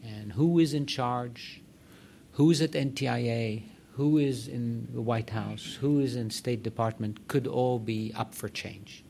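Gravelly-voiced man, direct and emphatic. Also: mid-range voice, a little slow, warm tone, slight background noise. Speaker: organization executive addressing a meeting. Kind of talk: conference remarks.

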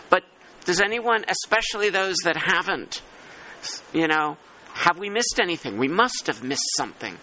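Man, meeting chair, bright tone, slightly high pitch, halting restarts. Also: rough recording. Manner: halting, restarts, thinking aloud. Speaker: working group chair. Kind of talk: meeting discussion.

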